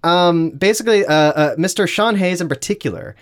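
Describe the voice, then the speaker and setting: Rambling man with a lively voice. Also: high voice, brisk, clean tone. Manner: rambling, many fillers and restarts, casual swearing. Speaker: podcast co-host. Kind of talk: casual chat.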